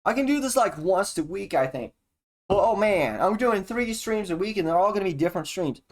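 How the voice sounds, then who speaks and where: Streamer, solo stream, erratic profane rambler, pitch swings widely. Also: expressive, brisk. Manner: erratic, profane and jumpy, with sudden laughs and exclamations.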